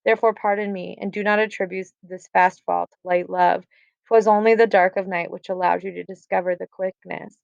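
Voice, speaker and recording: A young noblewoman, forward and anxious, speaking old verse, as a woman reads her with a slight lift. The voice is smooth and clear, and the recording is dry and a little dull. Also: medium pitch, fairly even intonation, fairly quick, no room sound, natural voice. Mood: earnest. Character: young impassioned noblewoman Juliet, forward and worried.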